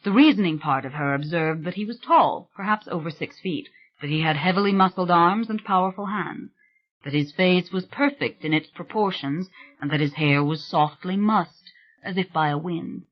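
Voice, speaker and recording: An audiobook narrator giving a measured, scripted reading of a gothic thriller novel. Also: mid-range voice, muffled recording.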